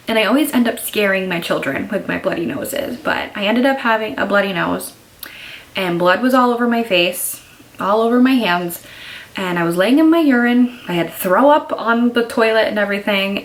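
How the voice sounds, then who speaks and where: A woman's voice: medium pitch, a bit bright, rough recording. A young pregnant woman telling her story in a candid, chatty video diary. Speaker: vlogger.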